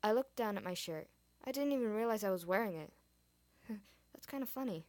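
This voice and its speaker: A woman reading her fan fiction aloud, expressive, dropping in her own asides. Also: medium pitch, brisk, pauses often, dry recording. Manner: expressive, adds asides and swears in reaction. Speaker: reader.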